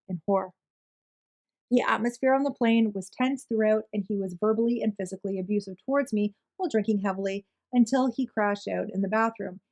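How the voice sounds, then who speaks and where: A woman's voice: mid-range voice, a little mellow. Woman steadily reading a witness statement. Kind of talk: plain read-aloud narration.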